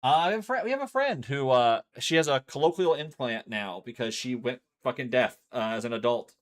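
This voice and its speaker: A man's voice: mid-range voice, expressive, fairly quick. A man casually chatting and explaining a card game as he streams from home, loose and chatty, swearing freely. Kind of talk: casual chat while playing.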